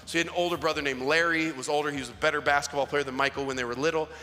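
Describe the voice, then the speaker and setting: Man, youth pastor, sermon, slangy and emphatic, bright tense voice, slightly high pitch. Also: fairly even intonation, racing. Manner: casual, slangy preaching that swings from hushed asides to emphatic calls. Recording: long reverb of a large hall.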